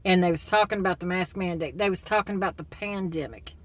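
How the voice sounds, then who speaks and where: A woman's voice: fairly low pitch, quick pace. A woman in a casual vlog monologue, retelling a story and giving blunt, critical opinions. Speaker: commentator.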